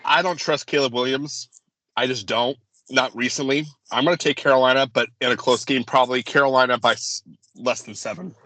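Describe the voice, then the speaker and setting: Bright-voiced blunt male co-host. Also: medium pitch, steady tone, brisk, no echo, poor audio. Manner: blunt, swears, banters. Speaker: podcast co-host. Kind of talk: casual sports podcast chat.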